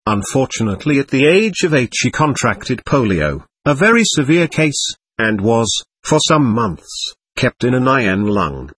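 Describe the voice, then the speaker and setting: Earnest male reader, measured and solemn; husky, lively pitch, dry sound. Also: no echo. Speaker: narrator. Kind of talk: solemn reading of a spiritual text.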